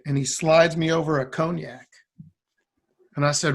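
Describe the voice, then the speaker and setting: A man with a fairly high speaking voice tells a long story from his past in casual conversation. He rambles and restarts often, and he acts out the lines of the people in the story. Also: flat delivery, a little slow, long pauses, a bit bright. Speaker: guest musician.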